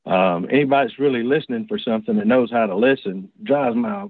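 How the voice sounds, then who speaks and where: A man's voice: medium pitch, fast, dry recording. A man tells a personal story in a casual, folksy, rambling way, full of restarts and asides. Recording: tinny dry phone line.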